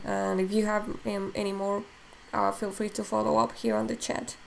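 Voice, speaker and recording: Creaky-voiced woman teaching on a live stream. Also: a little high, a little mellow, slight background noise. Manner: thinks aloud with many fillers, answers chat comments. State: voice strained and tiring. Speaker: digital sculpting instructor. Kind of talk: live-stream tutorial chat.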